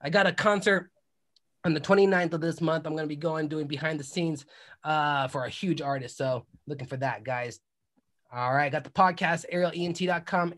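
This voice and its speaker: A man hosting a podcast in a casual chat style. He talks in a hyped, loud way and often shouts and whoops. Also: on the high side. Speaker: podcast host.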